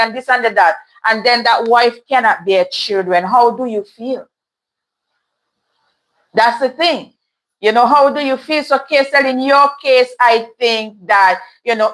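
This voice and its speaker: A woman's voice: on the high side, fairly bright tone, poor audio. Chatty woman hosting a live chat. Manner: candid, chatty, laughs often. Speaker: livestream host reading chat. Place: home in Toronto.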